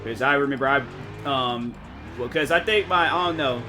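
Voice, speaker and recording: A man streams and chats casually in a bright, pushed mid-range voice at a moderate pace, rambling with fillers and restarted sentences. Game music is audible in the background.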